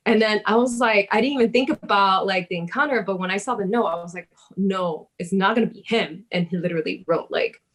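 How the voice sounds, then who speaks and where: A woman's voice: mid-range voice, brisk. Woman guest at a podcast table, chatty storyteller, mid voice. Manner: animated, swears, laughs, acts out her own past words. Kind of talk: casual storytelling chat.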